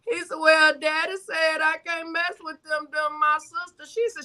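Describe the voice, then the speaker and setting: A woman's voice: high voice, steady tone, normal speed, hardly any pauses, bright, forceful tone. A woman comedian telling joke stories and acting out the voices in them. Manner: storytelling, acts out quoted voices. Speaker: comedian guest. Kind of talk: telling stand-up jokes.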